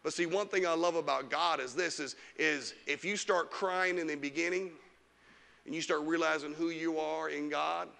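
A man preaching a lively sermon as pastor in a church, teasing the congregation and mocking whiny complainers. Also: a little high, moderate pace, vocal fry. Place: church sanctuary.

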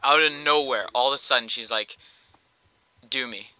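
A man's voice: mid-range voice, quick pace, bright, forceful tone, smooth, no room sound, poor audio. A man telling a long rambling joke story while commenting on gameplay, filling his talk with "like". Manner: rambling, heavy use of "like". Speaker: gaming commentator.

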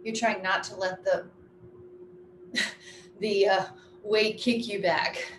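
Woman fitness instructor, middle-aged, mid-pitched, easygoing counts, encouraging cues; echoey room. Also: steady tone. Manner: counting reps aloud with brisk, encouraging cues. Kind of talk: guiding an exercise class. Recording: echoey room with faint ambient noise.

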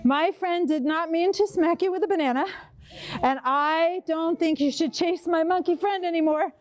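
A woman's voice: extremely high pitch, moderate pace. A woman voicing a small bee in a children's story, firmly warning off a lion. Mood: firm scolding. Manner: firm, scolding. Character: stern little bee defending a friend.

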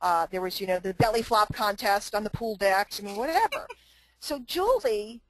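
A woman's voice: medium pitch, expressive, moderate pace, no room sound, low-quality recording. A woman giving a motivational talk to a live online group, emphatic and repetitive, with chatty asides to her listeners. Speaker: motivational speaker and trainer.

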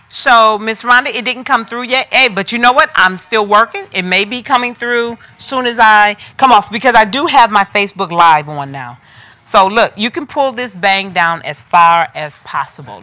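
Chatty woman live-stream seller, bright and punchy, faint music bed. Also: mid-range voice, moderate pace. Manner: chatty, talks straight to viewers. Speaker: wig shop host selling on a live stream. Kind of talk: casual live product demo.

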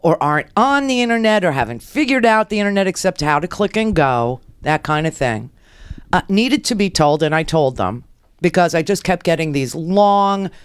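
A woman hosting a political talk radio show, delivering a rambling, animated monologue into a close studio mic and acting out the people she quotes. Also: lowish voice, normal speed, clear, resonant tone, no echo.

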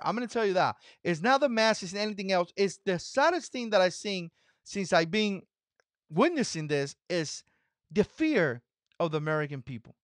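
A channel host who isn't a native English speaker delivers an opinion commentary vlog, emphatic and mocking, hammering the same points repeatedly. His voice is high-pitched, with no room sound.

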